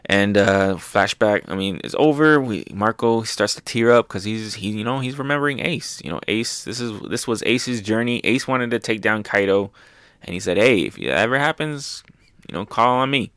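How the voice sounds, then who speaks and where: A young man casually recapping manga chapters, excited and loose, with lots of fillers. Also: lowish voice, moderate pace, clean tone, dry recording, studio quality. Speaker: manga reviewer.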